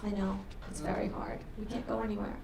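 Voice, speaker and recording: A middle-aged woman performing a crude stand-up comedy set on a club stage, delivering brash deadpan punchlines. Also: medium pitch, fast, creaky, recorded from a distance, noisy background. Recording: roomy club sound from afar, audience laughter.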